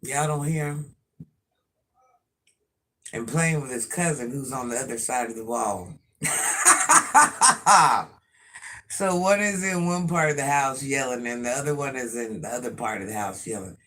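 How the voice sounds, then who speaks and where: A man chatting casually to viewers on a live stream, rambling and musing out loud and repeating himself as he thinks things through. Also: mid-range voice, moderate pace.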